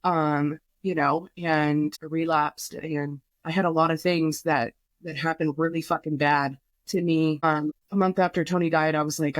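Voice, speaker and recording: A woman's voice: low voice, fairly even intonation, unhurried, dry recording. A young woman on a podcast, telling an emotional personal story in a rambling way, full of fillers and swearing, quoting herself. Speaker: podcast guest.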